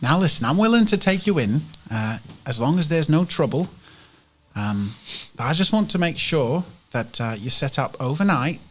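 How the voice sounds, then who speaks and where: A man voicing a brisk, sharp-tongued middle-aged woman shopkeeper. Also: on the high side, sing-song, pitched above the performer's own voice. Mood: sympathetic. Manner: brisk, scolding.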